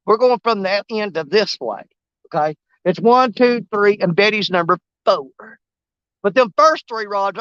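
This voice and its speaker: A man's voice: high-pitched, bright, forceful tone, no room sound, dull audio. Joking man on a riverbank. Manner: joking, rambling, laughs often, folksy. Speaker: outdoor vlogger. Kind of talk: casual fishing vlog monologue. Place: outdoors on a riverbank.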